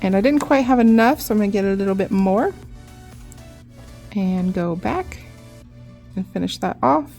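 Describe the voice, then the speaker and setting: Young woman walking through nail art, casual and chatty, soft music underneath. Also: mid-range voice, moderate pace, gravelly, pauses often. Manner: chatty, relaxed, lots of "like". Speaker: nail artist.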